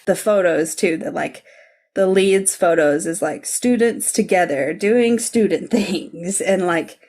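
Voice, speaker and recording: A woman's voice: medium pitch, expressive, takes it slowly, a little mellow. A woman hosting a podcast, recapping scenes in a bubbly way and laughing often. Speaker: podcast host. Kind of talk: casual chat.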